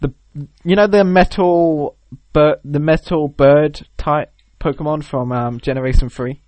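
A man's voice: a little high, steady tone, a little slow, darkish tone, no room sound, poor audio. A young man co-hosting a podcast, rambling with many fillers and laughing easily. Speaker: podcast co-host. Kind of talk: casual chat.

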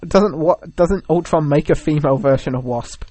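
A young man with a slightly high voice talks in casual chat, rambling and piling up "like"s as he spins out his stories. The sound is dry and close, with no room around it. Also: moderate pace, no room sound. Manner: rambling, animated storytelling with many "like"s.

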